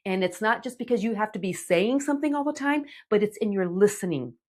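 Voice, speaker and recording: A woman's voice: mid-range voice, a little fast. A middle-aged woman, a teen relationship coach, giving emphatic direct-to-camera advice to parents and checking in with "okay?". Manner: animated, emphatic, checks in with 'okay?'.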